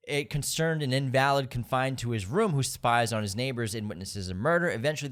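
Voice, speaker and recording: Man reading film facts from notes. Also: mid-range voice. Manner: reads background facts from notes, steady and informative. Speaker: podcast co-host. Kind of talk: casual film discussion.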